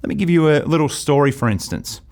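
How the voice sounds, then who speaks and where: A man's voice: fairly high pitch, fast. Middle-aged aussie guy teaching sales, chatty storyteller, acts out the back-and-forth. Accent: Australian. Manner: lively storytelling, acts out dialogues. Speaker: sales trainer. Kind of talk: recorded course lecture.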